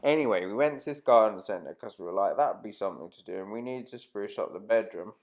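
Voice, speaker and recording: A man's voice: fairly low pitch, lively intonation, fast talker, darkish tone. A man telling a rambling, casual anecdote to camera, swearing freely and trailing off mid-sentence. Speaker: vlogger.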